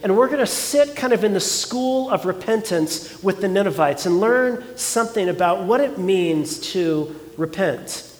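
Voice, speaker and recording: A man's voice: high-pitched, lively intonation, unhurried, in a large hall. A man preaching a sermon as pastor, earnest and conversational, often asking his congregation rhetorical questions.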